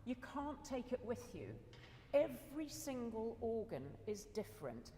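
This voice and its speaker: A woman's voice: a little high, big pitch swings, a little slow, warm tone, long reverb tail, slight background noise. A woman organist giving a chatty, enthusiastic talk to an audience after a competition. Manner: chatty and enthusiastic, with laughs and asides. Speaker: organist adjudicator. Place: school hall.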